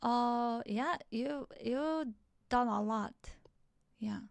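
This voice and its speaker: A woman hosting a piano livestream, chatting softly and warmly with a guest, often filling in with little laughs and repeated yeahs. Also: on the high side, creaky, no room sound. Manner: slow, soft-spoken, with frequent small laughs. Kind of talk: casual chat.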